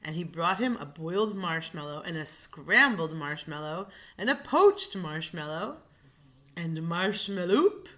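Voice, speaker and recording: Animated woman reading a picture book aloud. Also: fairly low pitch, measured pace. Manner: animated, showing the pictures to listeners. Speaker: reader.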